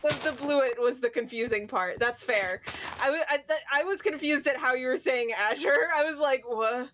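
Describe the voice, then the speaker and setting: Chatty woman streamer, higher voice. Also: moderate pace, a bit bright. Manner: chatty, restarts often, laughs easily. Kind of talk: casual gaming stream chat.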